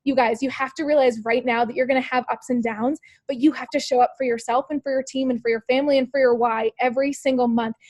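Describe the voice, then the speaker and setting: A high, steady, slightly mellow female voice talks fast with hardly any pauses in a dry recording as a team leader runs a motivational sales call. Upbeat and peppy, she coaches her listeners head-on with many rhetorical questions and constant "like" and "you guys."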